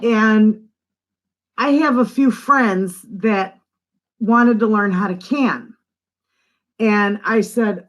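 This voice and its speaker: The host of a homestead channel, an older woman from northern Michigan, USA, streams live from home away from the living room, greeting viewers and reading comments. Her mid-range voice moves extremely slowly, with frequent pauses.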